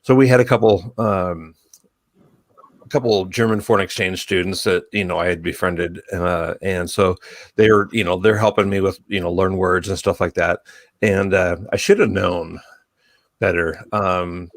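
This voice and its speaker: A man on a live video panel, relaxed and self-mocking as he recounts a story. His voice is low-pitched and gravelly with plenty of fry. The sound is close and dry. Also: moderate pace, dry recording. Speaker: panel guest. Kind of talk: casual storytelling.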